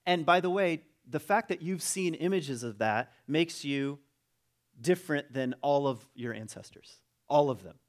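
A man's voice: a little high, lively intonation, unhurried. A man preaching a conversational sermon, reading a passage aloud and breaking off into jokes and asides. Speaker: pastor.

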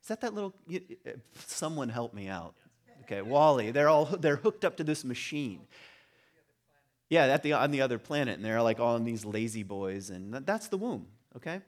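A middle-aged man giving an informal talk on religion to a group, conversational and rising into animated emphasis. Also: mid-range voice, normal speed. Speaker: speaker on religion and home.

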